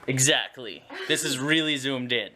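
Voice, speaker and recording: A man's voice: mid-range voice, moderate pace, crowd noise. A man talking casually in a home vlog, chatty and self-mocking, with a kitchen around him. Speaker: vlogger.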